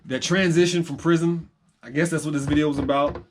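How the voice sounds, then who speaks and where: A man talking to camera in a rambling personal vlog, reflective and halting, with many pauses and restarts. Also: on the high side, fairly even intonation, background noise. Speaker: vlogger and reseller.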